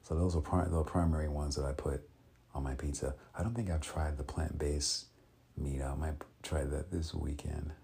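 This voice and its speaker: A man vlogging in a casual, rambling way, with many pauses and restarts. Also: a bass voice, steady tone, gravelly, warm tone, breathy edge. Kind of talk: casual chat.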